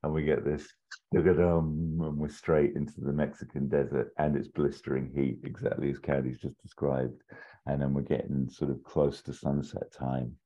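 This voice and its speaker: A man casually pitching a comedic film sequel scene by scene, often popping into silly high character voices. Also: flat delivery, normal speed, warm tone. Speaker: podcast co-host pitching an imagined sequel. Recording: dull lo-fi sound.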